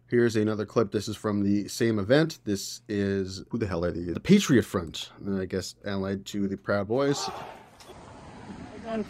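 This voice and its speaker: A podcast host with a fairly low, darkish voice reads news stories aloud on his political show. He reacts to them with exasperated, profane commentary.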